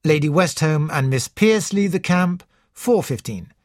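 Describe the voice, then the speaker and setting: A narrator reading a story aloud in a clear, scripted way. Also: medium pitch, lively intonation, unhurried, dry recording, studio quality. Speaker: audiobook narrator.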